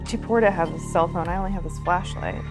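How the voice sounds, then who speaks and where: A woman playing in a tabletop game, animated and giggly. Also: on the low side, fast, over music. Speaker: player. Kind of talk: casual tabletop play.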